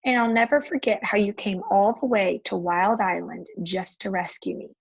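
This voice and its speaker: Woman doing a shy sweet dragon boy, soft and husky, kinda muffled recording. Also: medium pitch, normal speed, dry recording. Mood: gentle. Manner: soft, tender, a little tearful. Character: gentle shy young male dragon.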